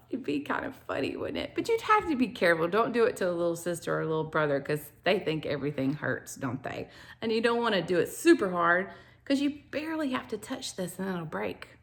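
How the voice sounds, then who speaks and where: Lively woman teaching kids a craft. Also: lowish voice, fairly quick, gravelly. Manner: animated, talks straight to kids. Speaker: children's teacher. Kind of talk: children's activity lesson.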